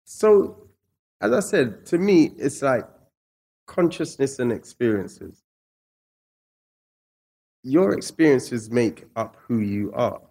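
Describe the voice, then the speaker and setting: A man from England, a guest speaking casually and reflectively about his past, slangy and lively when retelling stories. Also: medium pitch, slow pace, gravelly, pauses often, breathy edge. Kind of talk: casual storytelling interview.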